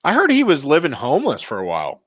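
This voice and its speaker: A man's voice: fairly high pitch, wildly swooping pitch, fast, fairly bright tone, no room sound, highs cut off. A man hosting a casual live chat show, chatty and given to laughing, busy with his screen as he talks. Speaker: podcast host.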